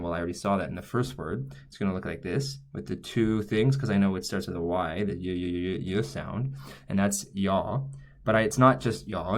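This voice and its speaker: A man teaching a lesson, explaining step by step as he writes, often stopping to correct himself. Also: on the low side. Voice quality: thinking aloud, frequent self-corrections. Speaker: language teacher. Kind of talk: explaining while writing on screen.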